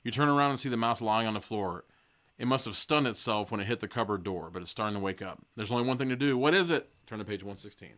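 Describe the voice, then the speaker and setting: A man's voice: on the low side, fast talker, a bit bright. A man hosting a podcast, casually reading a gamebook aloud and breaking off with profane, joking asides. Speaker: podcast host.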